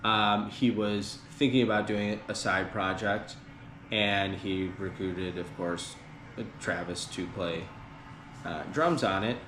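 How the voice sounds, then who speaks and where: A deep-voiced man chats on a podcast and drifts through a long story full of ums and likes. The room is echoey, with a clear layer of background noise under him. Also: steady tone, slow pace. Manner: rambling, many fillers, retelling band history. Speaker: podcast host. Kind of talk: casual podcast chat.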